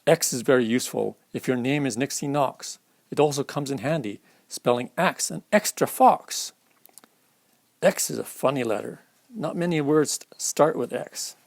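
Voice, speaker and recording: A man's voice: mid-range voice, normal speed, gravelly, a little mellow, no echo. A man reading a children's alphabet picture book aloud at storytime, stopping to explain the pictures to young listeners. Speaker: storytime reader.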